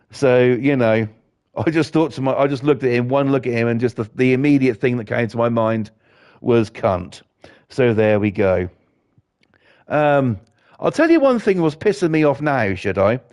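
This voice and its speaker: A man in middle age rants over his gameplay in a loose, wandering way. He swears constantly and gets more worked up as he talks, with a voice of ordinary male pitch. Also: a little mellow. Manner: sweary, rambling, fired-up. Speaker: gaming streamer. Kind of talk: ranting commentary while gaming.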